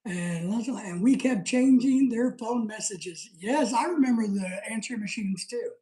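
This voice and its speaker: A man's voice: high-pitched, animated, moderate pace, dark tone. A middle-aged man hosting a live stream in casual chat, reading out viewer comments, rambling and joking, laughing often. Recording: roomy echo.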